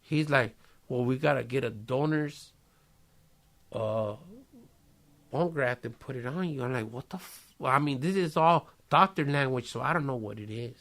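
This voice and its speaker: In a podcast studio, a man with a medium-pitched voice casually tells a long personal story at normal speed. He swears often, uses street slang, and livens the retelling by quoting voices.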